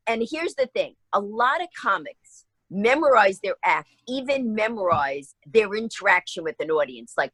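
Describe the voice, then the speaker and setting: A woman guest on a talk program, telling stories in an animated way and acting out the voices of the people in them. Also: mid-range voice, slightly rough, no echo, poor audio. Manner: lively, acts out voices in her anecdotes. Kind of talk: animated storytelling in an interview.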